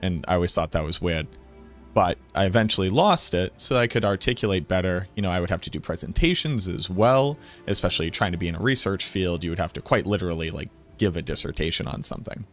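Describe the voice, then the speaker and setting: A man's voice: low-pitched, expressive, fast talker, soft background music. A man in his thirties with a Boston accent, chatting casually and rambling on a game stream. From North Shore of Boston, USA.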